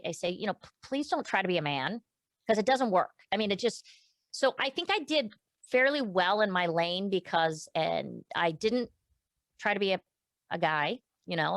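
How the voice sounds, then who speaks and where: A woman's voice: lowish voice, no room sound. A middle-aged woman guest speaking candidly and emotionally in a casual interview, with many restarts and fillers. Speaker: podcast guest.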